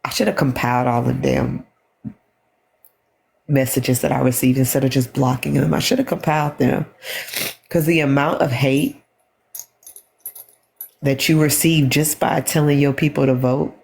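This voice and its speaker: Tired woman on a phone livestream, gravelly voice, kinda halting and repeats stuff. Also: rumbling low, steady tone, a little mellow. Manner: weary, halting, repeats herself. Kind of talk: emotional casual livestream talk.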